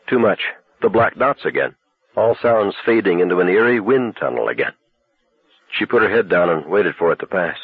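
A man narrating a novel as an audiobook in a steady, measured way. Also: deep voice, breathy edge, dry recording. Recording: tinny narrow-band recording.

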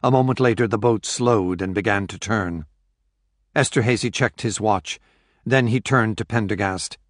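A man narrating a thriller audiobook in a steady, measured storytelling voice. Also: fairly low pitch, no echo, clean studio sound.

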